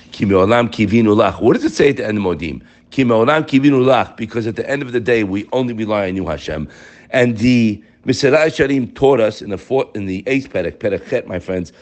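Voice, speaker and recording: A man giving a spiritual lesson with a lively voice that swings up and down in pitch. He reads and translates Hebrew text in an animated way, pressing his listeners with rhetorical questions. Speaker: religious teacher.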